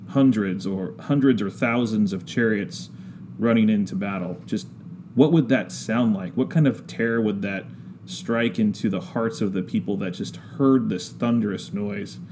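Slow, halting man with mellow low voice. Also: a little hiss or hum. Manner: slow, drawn-out, halting with many ums. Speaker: podcast guest discussing scripture. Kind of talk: casual conversational storytelling.

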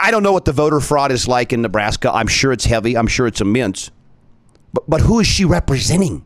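Indignant man with swinging pitch. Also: no room sound. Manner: emphatic, indignant, talks straight to listeners. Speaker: podcast host. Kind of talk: opinion commentary.

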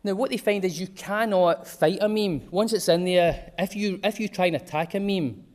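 A man's voice: high voice, moderate pace, darkish tone. A man giving an informal talk to a small group, chatty and digressive, with homely examples.

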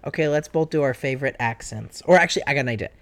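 A man's voice: mid-range voice, racing. A man, a dad, hosting a casual podcast chat with his child, asking playful, goofy questions. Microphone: podcast microphone.

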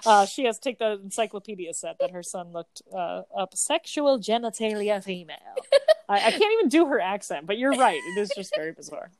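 A woman co-hosting a casual chat, animated and profane, laughing often as she talks. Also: mid-range voice, quick pace, hardly any pauses, slight background noise. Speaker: podcast co-host.

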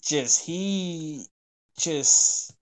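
Man, podcast guest, excitable and emotional, laughs a lot. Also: a little high, drawn-out words. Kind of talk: casual podcast chat.

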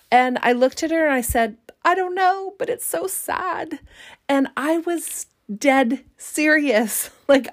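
A woman in her thirties hosting a podcast as a doctor, talking in a casual, upbeat, chatty way with frequent fillers and quick laughs. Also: on the high side. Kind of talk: casual solo podcast talk.

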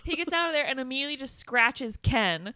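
Woman co-host, bright and crisp voice, laid-back casual chat. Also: sits high, expressive, a little fast, no room sound, clean studio sound. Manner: laid-back, frequent "like", swears, laughs at the story. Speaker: podcast co-host.

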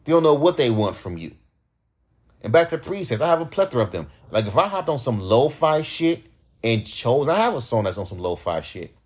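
A man's voice: mid-range voice, very animated, brisk, breathy edge. A man in his thirties, a rapper hosting his own podcast, ranting in casual, heated, profane talk.

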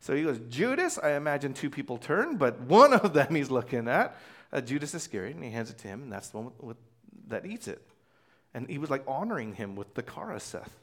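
A man's voice: mid-range voice, big pitch swings, a little fast, a bit bright. A man preaching a conversational sermon as pastor, telling the story casually and acting out voices.

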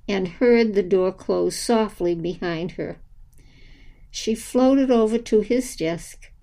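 A woman reads a children's story aloud with a gentle, unhurried delivery. Her voice is mellow and soft at the edges, pitched in an ordinary middle range. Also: low-quality recording. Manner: slow, gentle storybook reading. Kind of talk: scripted narration of a children's story.

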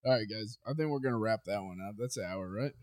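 A man's voice: fairly low pitch, fast, a little mellow, dry recording, clean studio sound. A man co-hosting a casual podcast from a cafe, goofy and laughing often, talking into a podcast mic. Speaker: podcast co-host. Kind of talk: casual chat.

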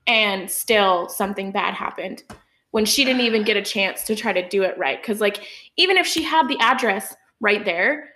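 A woman's voice: medium pitch, normal speed, echoey room. A young woman co-hosting a podcast, chatting casually and indignantly, with lots of filler words. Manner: animated, indignant, many fillers. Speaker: podcast co-host. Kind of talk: casual chat.

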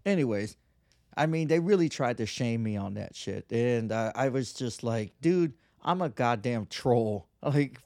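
A man's voice: mid-range voice, darkish tone, dry recording, clean studio sound. A man in his thirties hosting a podcast, ranting in a brash, profane, mocking way and mimicking others in whiny voices. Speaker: podcast host. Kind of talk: casual monologue.

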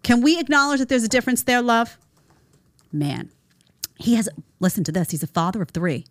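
Animated, incredulous woman host. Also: a little high, a little fast, dry recording, studio quality. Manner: emphatic, incredulous, sarcastic, addresses audience as honey. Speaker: show host. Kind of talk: reaction commentary.

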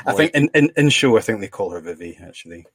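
A man chatting on a podcast, soft-spoken and a bit hesitant. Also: lowish voice, animated, a little fast, slightly rough, dry recording. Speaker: podcast regular. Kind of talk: casual chat.

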